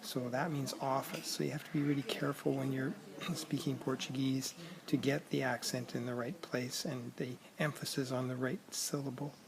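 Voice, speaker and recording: Guy vlogging in a crowded public spot, gravelly voice that cracks, lots of ums and throat clearing, crowd chatter behind. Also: medium pitch, level tone, moderate pace, few pauses, poor audio. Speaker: vlogger learning a language abroad. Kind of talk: casual video diary. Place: busy public place at a concert hall.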